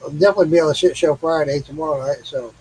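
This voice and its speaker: A man's voice: a little high, steady tone, very fast, mellow, husky, rough recording. A middle-aged man from Missouri, tipsy, hosting a casual late-night chat with loose swearing and easy laughs. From Missouri, USA. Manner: laid-back, swears freely, laughs often. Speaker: host of a live stream.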